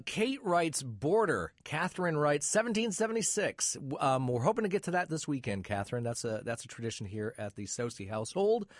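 A man's voice: mid-range voice, dry recording, studio quality. A man hosting a podcast, reading out listener messages with wry asides, and sounding middle-aged. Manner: wry, lively asides between quick read-outs. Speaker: podcast host.

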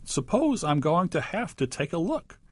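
Male reader voicing a timid, panicking dentist, raised pleading voice, very lively pitch. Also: moderate pace, husky, no echo. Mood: panicked. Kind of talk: reading a poem aloud.

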